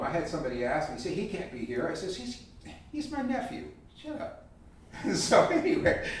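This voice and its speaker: A man telling a lively, folksy story in a talk, acting out the voices of the people in it. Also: mid-range voice. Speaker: speaker giving a talk. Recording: echoey hall, heard from a distance.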